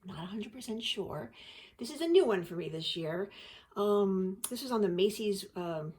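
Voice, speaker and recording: A woman's voice: medium pitch, lively intonation, moderate pace, a little mellow. A woman hosting a casual unboxing chat, talkative and giggly as she thinks aloud. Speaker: host.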